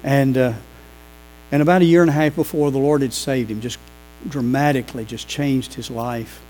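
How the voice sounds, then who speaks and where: A pastor preaching a sermon, telling lively stories and acting out the people in them. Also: male voice, medium pitch, normal speed, poor audio. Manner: animated, acts out quoted voices. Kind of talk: sermon with storytelling.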